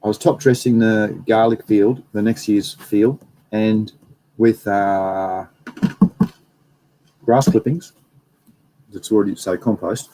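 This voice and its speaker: A man's voice: fairly low pitch, steady tone, slow pace, long pauses, mellow, slight background noise, low-quality recording. A young man hosting a casual livestream, rambling and reading out viewer comments. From Australia. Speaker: livestream host.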